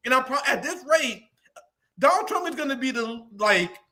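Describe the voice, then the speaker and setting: A man's voice: extremely high pitch, animated, moderate pace, sharp tone. A man co-hosting a political livestream, talking sarcastically and laughing often. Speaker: co-host.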